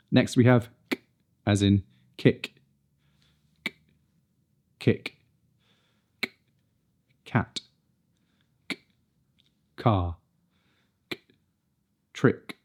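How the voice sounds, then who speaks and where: A man's voice: lowish voice, a little mellow. A man teaching a pronunciation lesson, carefully demonstrating consonant sounds one at a time. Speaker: speech coach.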